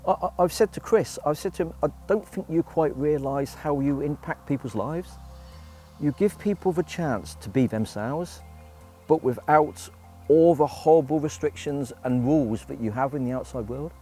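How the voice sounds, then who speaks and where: A man with a dark, mellow tone speaks with effusive enthusiasm about his volunteering. Faint music runs beneath him in the documentary interview. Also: fairly high pitch, moderate pace.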